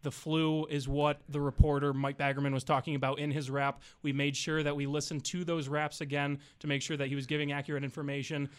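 A man's voice: a little high, level tone, fairly quick, hardly any pauses, clean tone. A man from the station newsroom, setting a news report straight on air in a matter-of-fact way. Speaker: newsroom staffer.

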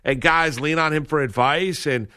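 A man co-hosting a sports talk show, talking in an animated, opinionated way with lots of emphasis. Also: on the high side, normal speed. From grew up a Washington football fan.

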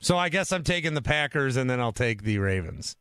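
A man hosting a call-in sports radio show, animated and quick to jump in on callers. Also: medium pitch, clear, resonant tone, dry recording, studio quality. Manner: animated, talks over callers.

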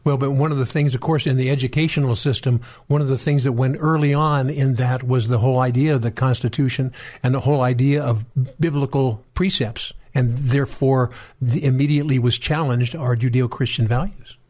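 A man hosting a religious talk show, speaking emphatically and chiming in often with quick agreement. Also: mid-range voice, fairly even intonation, darkish tone. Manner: emphatic, affirming, quick interjections.

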